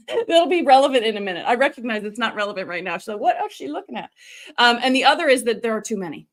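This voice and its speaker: A woman coaching live on a stream, in a chatty, animated way with quick asides. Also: fairly high pitch. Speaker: online video coach hosting a live stream. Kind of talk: casual live-stream teaching.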